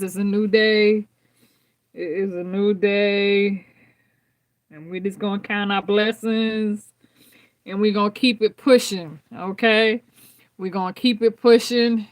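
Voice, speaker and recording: A woman hosting a tarot live stream, chatting heartfelt and casual with her viewers, laughing often and repeating herself. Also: mid-range voice.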